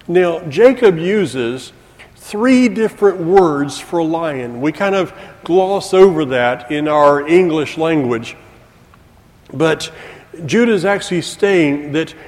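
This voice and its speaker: A middle-aged man preaches a sermon as a teacher, adding folksy joking asides to the congregation. His voice is a little high and a little mellow, recorded with a long hall reverb.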